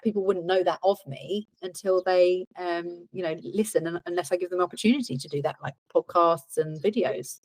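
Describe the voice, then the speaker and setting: Woman hosting a podcast, lowish voice, dry close sound, thoughtful and questioning. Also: steady tone, moderate pace, few pauses, a little mellow, no echo, rough recording. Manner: reflective, asks probing questions. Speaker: podcast host and coach. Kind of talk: casual podcast conversation.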